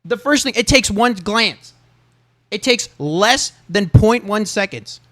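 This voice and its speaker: A man's voice: high voice, expressive, takes it slowly, bright, forceful tone, no echo. A man reviewing his own gameplay as a lesson, emphatic and repetitive, swearing and saying "bro" often. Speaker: gamer coaching through his own gameplay.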